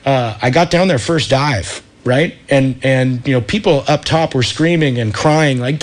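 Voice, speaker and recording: A man's voice: mid-range voice, measured pace, hardly any pauses. A man in his thirties from California, telling a story as a guest on a radio talk show in a laid-back surfer way, full of dude and like. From Santa Cruz, California. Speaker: radio show guest, wetsuit company founder.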